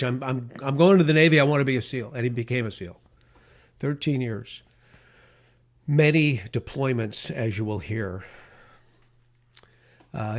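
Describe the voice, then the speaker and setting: Middle-aged male talk host, passionate podcast monologue, mid-range pitch. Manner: impassioned, emphatic. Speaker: radio talk show host.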